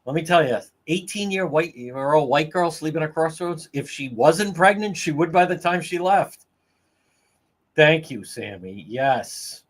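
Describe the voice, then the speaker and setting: A man's voice: fairly high pitch, a little slow. A man hosting a livestream, telling stories in a casual, profane, laughing way. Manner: profane, laughing, animated storytelling. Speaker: livestream host.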